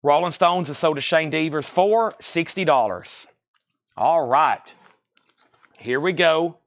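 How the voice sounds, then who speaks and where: A man hosting a live record sale stream, briskly calling out titles, prices and buyers. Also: on the high side, lively intonation, fairly bright tone, dry recording.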